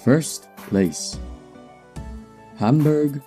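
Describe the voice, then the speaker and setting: A man announcing ranked results on a radio show in a dramatic, drawn-out way. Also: fairly high pitch, animated, over music.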